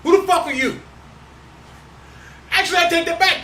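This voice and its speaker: A man co-hosting a casual podcast chat, loud and emphatic, repeating lines for effect. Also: very high voice, moderate pace. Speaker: podcast co-host. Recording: roomy, distant mic with faint noise.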